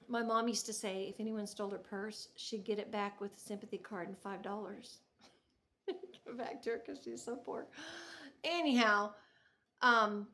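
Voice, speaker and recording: A middle-aged woman with a mid-range, slightly bright voice tells family stories to camera in a casual, chatty knitting vlog. She laughs often and keeps restarting her sentences.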